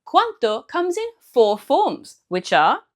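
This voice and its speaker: A woman teacher explaining Italian grammar clearly and step by step in a scripted lesson. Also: high voice, wildly swooping pitch, slow pace.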